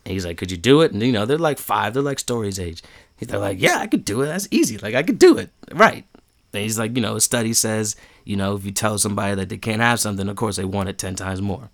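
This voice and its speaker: A man co-hosting a casual chat, retelling what he watched with lively acted-out quotes and frequent laughter. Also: fast, creaky. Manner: animated storyteller, acts out quotes with big pitch jumps and laughs.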